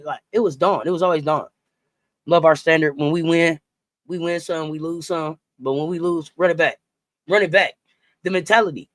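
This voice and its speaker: A man with a notably high voice hosts a casual livestream sports talk, full of slang and energy. He greets viewers by name and reads their chat comments aloud. The sound is close and dry, with almost no room around it. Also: fairly bright tone, dry recording.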